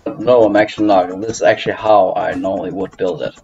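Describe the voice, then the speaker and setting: A man's voice: deep voice, steady tone, fast, creaky, a little mellow. Giggly joking man on a muffled mic. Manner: joking, teasing, laughs often. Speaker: streamer playing a building game. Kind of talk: casual chat while gaming.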